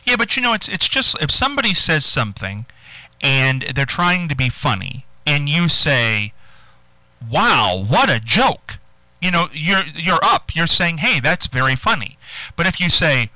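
A man's voice: fairly high pitch, bright, forceful tone, no room sound, low-quality recording. A man hosting a call-in radio show, chatting in a rambling, emphatic way. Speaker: radio host.

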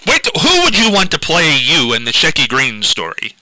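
A man's voice: on the high side, huge pitch swings, normal speed, background noise. A man hosting a radio talk show, eager and chatty, laughing often with his guest. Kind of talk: casual radio interview.

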